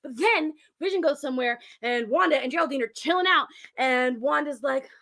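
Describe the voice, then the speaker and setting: A woman's voice: sits high, animated, fast, a bit bright. A woman podcast host giving a playful, exaggerated recap of a show, slipping into silly character voices.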